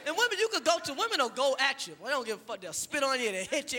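A man doing a loud, profane stand-up routine, acting out characters and shouting punchlines on stage. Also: very high voice, very animated, quick pace, few pauses. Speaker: stand-up comedian. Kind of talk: stand-up routine before a live audience. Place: large venue with audience. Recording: live show with loud crowd and noise. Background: roaring crowd laughter.

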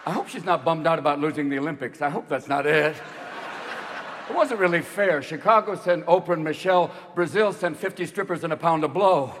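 A man doing a stand-up comedy routine on a club stage, talking fast and manic and jumping in and out of character voices. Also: a little high, noisy background. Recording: echoing venue, loud crowd laughter.

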